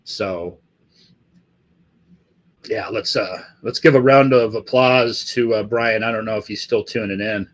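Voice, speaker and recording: A man's voice: lowish voice, steady tone, unhurried, long pauses. Foul-mouthed man rambling on a stream. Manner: profane, rambling, swears constantly. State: has been drinking. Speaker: live stream host. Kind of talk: casual live-stream chat.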